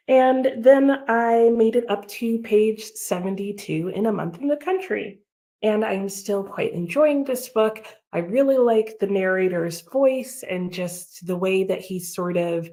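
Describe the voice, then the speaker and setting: An American woman hosting a casual reading livestream, chatting about her book and reading out and answering viewer comments. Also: medium pitch. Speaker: livestream host. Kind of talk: casual readalong chat.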